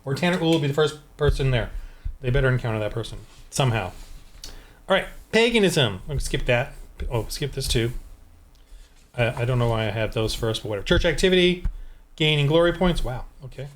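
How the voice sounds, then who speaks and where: A man's voice: mid-range voice, expressive, a little fast. A man who designs tabletop games, talking casually into a desk microphone and thinking aloud while he rolls dice to prepare a game. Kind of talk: casual solo game-prep walkthrough.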